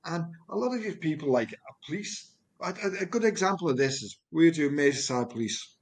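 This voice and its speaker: A man, a project manager telling earnest stories from his work in a conversation. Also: a little high. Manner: earnest, animated storyteller with quick repeats. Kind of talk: storytelling in conversation.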